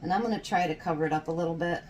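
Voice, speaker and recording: Low-voiced chatty woman baking at home. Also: rapid-fire, background noise. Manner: chatty storytelling, laughs often. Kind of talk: casual chat while baking.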